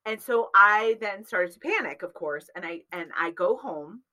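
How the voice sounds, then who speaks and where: A bright, clear-toned woman spins a long anecdote in relaxed conversation. Her pitch swings widely as she acts out what each person said. She often laughs through her lines. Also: normal speed, rough recording. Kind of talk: casual chat, telling an anecdote.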